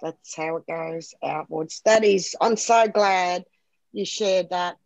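A woman's voice: fairly low pitch, slow pace, a little mellow, no echo, soft background music. A woman in a casual spiritual chat, effusive and affirming, laughing easily.

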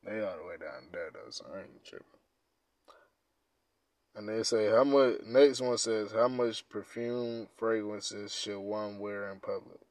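A man hosting a casual podcast, reading quiz questions aloud and reacting in profane slang, dropping to mumbles and then bursting out loud. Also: fairly low pitch, measured pace, no room sound. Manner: laid-back, profane slang, swings from mumbling to loud outbursts. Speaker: podcast host.

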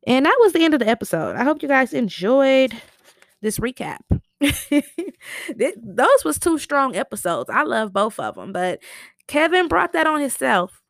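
A woman's voice: sits high, sing-song, moderate pace, creaky, no echo, studio quality. A woman casually recapping a TV episode, telling it in a chatty, slangy way with lots of fillers.

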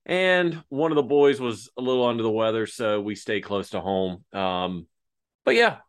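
A man's voice: on the low side, very animated, moderate pace, smooth. A man co-hosting a sports podcast, talking in a laid-back, joking way. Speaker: podcast co-host. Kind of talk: casual sports podcast chat.

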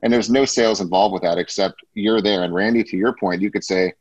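A man's voice: fairly low pitch, fairly even intonation, fairly quick, breathy edge, no echo, highs cut off. A man hosting a business talk in a coaching manner, often checking in with rhetorical questions. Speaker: host.

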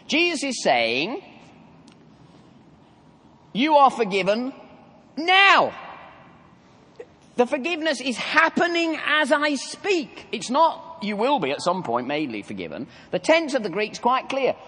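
A man preaching a sermon, telling the story in an animated, conversational way with asides to the congregation. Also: very high voice, normal speed, hardly any pauses, breathy edge, long reverb tail.

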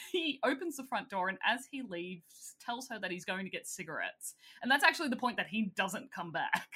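A woman's voice: medium pitch, bright, forceful tone. A woman co-hosting a casual film recap, blunt and swearing freely as she retells scenes. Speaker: podcast co-host.

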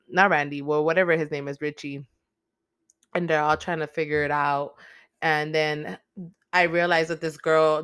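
A podcast host rattles through a casual movie recap in a smooth, clear voice, full of swearing and filler words. The sound is dry and close, with no room echo. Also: medium pitch, a bit bright.

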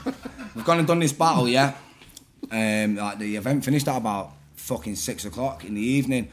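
A man in his thirties with a Manchester accent, telling rowdy stories on a podcast, animated and laughing as he acts out voices. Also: medium pitch, a little fast. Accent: Mancunian. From Manchester, England. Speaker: podcast guest, rapper. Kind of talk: casual storytelling chat.

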